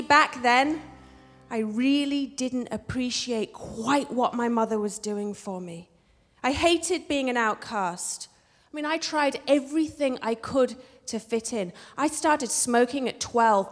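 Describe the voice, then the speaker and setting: English woman, high voice, wry and animated storytelling, echoey hall. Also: unhurried, faint music behind. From England. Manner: wry, animated, punchy delivery. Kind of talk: live storytelling on stage. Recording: reverberant hall.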